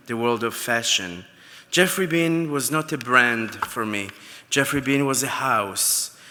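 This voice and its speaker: Speaking through a PA in a large, echoing banquet hall, an Israeli award recipient delivers his acceptance speech as a string of anecdotes, stumbling with fillers and restarts. His mid-range voice sounds pushed and bright.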